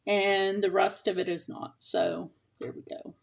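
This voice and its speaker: A woman's voice: medium pitch, flat delivery, unhurried, creaky. A middle-aged woman hosting a casual sewing tutorial, chatting and explaining each step as she sews. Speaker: sewing channel host.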